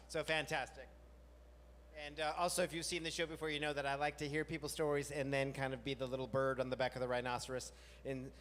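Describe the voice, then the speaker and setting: A man hosting a live storytelling night, chatty and self-mocking, jumping into silly high voices when he quotes himself. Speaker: host. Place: large music venue with live audience. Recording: long venue reverb, faint room noise.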